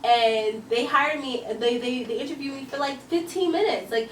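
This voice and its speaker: Higher-voiced woman co-host, lively storyteller, roomy distant recording. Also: moderate pace. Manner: animated storyteller, acts out quotes. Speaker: podcast co-host. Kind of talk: casual chat. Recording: roomy, distant mic with faint noise.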